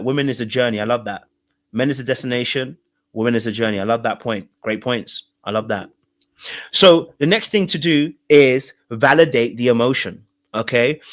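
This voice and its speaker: On a live stream, a man coaches viewers about relationships, speaking emphatically and repeating his points. He keeps checking in with the audience, asking "okay? all right?" His voice is fairly high-pitched with a fairly bright tone.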